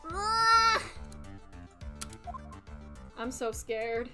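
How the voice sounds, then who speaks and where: A young woman streaming a game, giving excitable, joking and nervous commentary. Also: high voice, extremely slow. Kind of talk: let's play commentary. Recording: game music behind voice.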